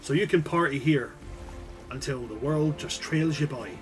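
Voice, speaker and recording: A man voicing a brash, foul-mouthed pirate captain who booms out a welcome to a party. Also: moderate pace, faint music behind, lightly acted. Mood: rowdy. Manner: crude, loud, swaggering.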